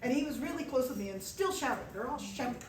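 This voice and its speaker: A high-voiced, fast-talking woman shares travel stories as a guest speaker before a small audience in an event room. She performs the quoted lines with lots of animation, captured by a distant mic in a roomy space with faint noise.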